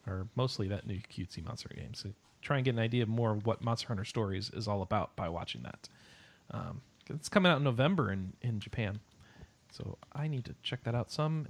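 A man hosts a relaxed podcast chat at a middle pitch. He rambles playfully, with fillers and restarts, as he runs through the news. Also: creaky. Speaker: podcast host.

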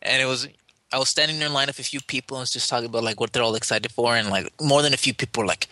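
A man with a very bright, forward voice chats loosely on a gaming podcast, circling back and restarting his sentences. The sound is close and dry. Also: mid-range voice, racing, no room sound. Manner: rambling, stumbles and restarts. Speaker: podcast co-host. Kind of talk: casual podcast chat.

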